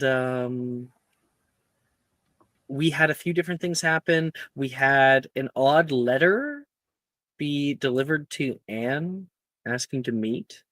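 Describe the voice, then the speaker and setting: A man running a tabletop role-play game as host and game master, recapping the last session in an unhurried way with plenty of fillers. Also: mid-range voice, fairly bright tone, dry recording.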